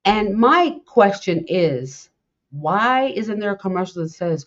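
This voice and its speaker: A middle-aged woman hosts a podcast, talking casually but with passion, rambling and repeating herself. Her medium-pitched voice has lively intonation and a slow pace, captured in dull lo-fi sound.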